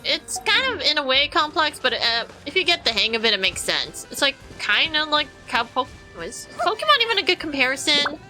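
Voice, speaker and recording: A woman's voice: high-pitched, sing-song, a little fast, hardly any pauses, music in the background, rough recording. A woman streamer giving casual gameplay commentary, rambling through explanations to her chat.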